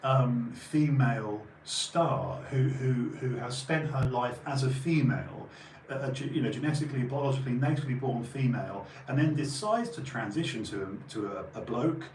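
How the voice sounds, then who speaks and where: A man's voice: mid-range voice, moderate pace, darkish tone, recorded from a distance. A man in his forties giving an emphatic, rambling opinion monologue as a channel host. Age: 40s. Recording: roomy echo, voice off-mic, faint background hum.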